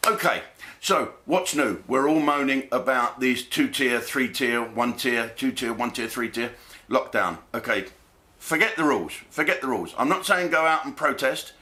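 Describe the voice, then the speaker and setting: A man's voice: mid-range voice, lively intonation, moderate pace, bright, forceful tone. A man, doing a blokey, jokey comic monologue full of swearing and asides. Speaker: comedian host.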